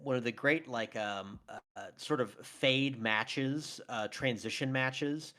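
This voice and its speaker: A man speaks slowly in a mid-range voice with a sharp tone while co-hosting a film podcast. The talk is a casual film debate, and he chats enthusiastically, laughing frequently and using many fillers.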